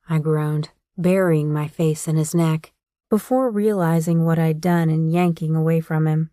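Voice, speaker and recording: A woman narrating a first-person paranormal romance audiobook in a wry, steady storytelling manner. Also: deep voice, unhurried, no echo, studio quality.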